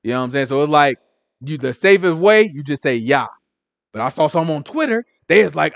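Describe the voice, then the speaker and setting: Male preacher, AAVE speech, lively casual sermon, higher voice, dry close sound. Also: fast, creaky, dry recording, highs cut off. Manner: animated, colloquial, mimics people in different voices. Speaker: Bible teacher.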